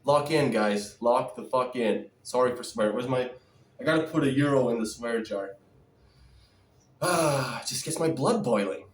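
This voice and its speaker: A man's voice: medium pitch, normal speed. A man ranting to camera in a vlog, sarcastic and fired up, swearing and mocking his viewers. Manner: sarcastic, fired-up, profane, mocks viewers in quoted voices. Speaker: diet vlogger. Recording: roomy echo, distant from mic.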